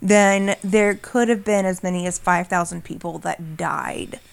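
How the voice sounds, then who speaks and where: A woman's voice: fairly low pitch, steady tone, measured pace, creaky. Rambling woman co-hosting a podcast. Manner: rambling, frequent restarts and fillers. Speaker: podcast co-host. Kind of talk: casual chat, explaining a topic.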